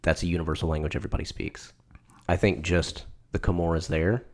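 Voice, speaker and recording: A man with a very low voice co-hosts a podcast in a casual chat. He agrees often and laughs easily. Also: steady tone, brisk, a little mellow. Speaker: podcast co-host.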